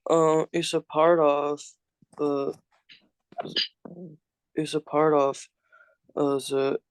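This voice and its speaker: A man's voice: fairly high pitch, little pitch movement, clean tone, dry recording. A man studying English, reading a practice dialogue aloud and stumbling over words with fillers. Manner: hesitant, halting with fillers. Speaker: English student.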